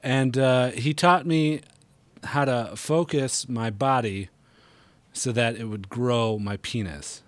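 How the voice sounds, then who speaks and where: A man's voice: mid-range voice, slow, dry recording. A man with a mild Wisconsin accent, co-hosting a casual gaming podcast and telling tall tales with a straight face. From Wisconsin, USA. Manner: joking, tells tall tales deadpan. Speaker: podcast co-host.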